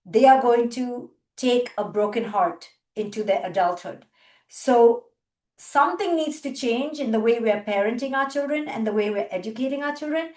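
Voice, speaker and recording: A woman's voice: fairly high pitch, normal speed, darkish tone. A middle-aged woman, a clinical psychologist, giving a passionate, emphatic public talk over a video call, repeating her key words for effect. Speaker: clinical psychologist and guest speaker. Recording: echoey and distant.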